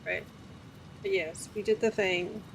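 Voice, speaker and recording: A woman's voice: mid-range voice, fairly even intonation, a little slow, slight background noise. A tired woman streaming a game, rambling casually to chat as she yawns. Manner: rambling, chatty, yawning.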